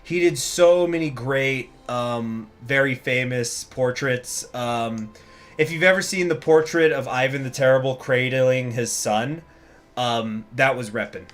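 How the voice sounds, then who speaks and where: A man's voice: mid-range voice, measured pace, fairly bright tone. A man hosting a strategy game video, chatting casually with jokes and fillers and reading event text aloud. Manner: casual, rambling, joking, with many fillers. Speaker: gaming channel host.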